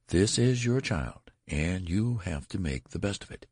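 A man's voice: fairly low pitch, lively intonation, moderate pace, gravelly, darkish tone, slightly rough, dry recording, clean studio sound, pitched above the performer's own voice, exaggerated voice. A man voicing a stern woman nurse who speaks firmly and severely. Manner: severe, firm.

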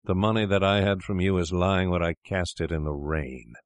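A man's voice: low-pitched, steady tone, moderate pace, clean tone, no echo, close to an everyday voice. A man voicing a bitter, defiant old drunkard who speaks bluntly.

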